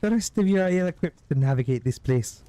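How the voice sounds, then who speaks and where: A man's voice: on the high side, lively intonation, a little fast, mellow, no room sound, pitched above the performer's own voice, lightly acted. A man voicing a playful, persuasive winged woman in a fantasy game, with a coaxing, theatrical manner. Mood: grand.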